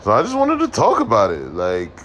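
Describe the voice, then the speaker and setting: A man's voice: on the low side, wildly swooping pitch, brisk, a bit bright. A young man hosting a podcast, ranting casually with lots of slang and swearing, laughing often. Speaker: podcast host. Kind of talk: casual opinion rant.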